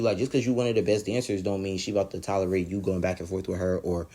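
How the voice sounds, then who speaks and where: A man's voice: low-pitched, little pitch movement, fast talker, hardly any pauses, mellow. A man casually recapping a reality show episode, swearing freely, laughing often and acting out what the cast said. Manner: profane, laughs often, acts out quotes. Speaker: TV episode reviewer.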